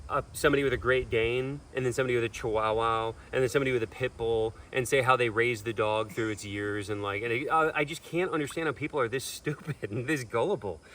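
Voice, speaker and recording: A man in casual conversation, worked up and exasperated as he rants. His voice sits at an ordinary middle pitch. He sounds a little distant from the microphone. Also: quick pace, hardly any pauses, fairly bright tone, a little hiss or hum. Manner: exasperated, ranting. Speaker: host. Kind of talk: casual chat.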